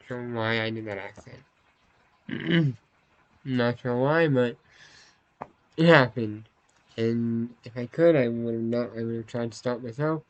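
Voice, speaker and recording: A man's voice: mid-range voice, muffled recording. A man narrating his playthrough of a story game in a chatty, self-conscious way. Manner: apologetic, self-conscious aside. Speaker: gameplay narrator.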